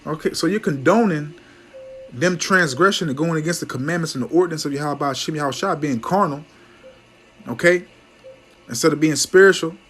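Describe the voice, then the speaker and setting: A man preaching a fiery sermon, scolding his listeners, stumbling over words when worked up, and reading scripture slowly. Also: fairly high pitch. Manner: reads verses slowly and loudly.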